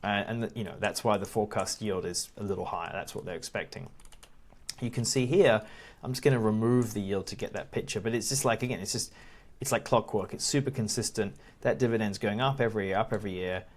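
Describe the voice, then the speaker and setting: Casual low-voiced man explaining stocks. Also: fast. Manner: casual, repeats words often, laughs now and then. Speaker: investing educator. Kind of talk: screen-share walkthrough.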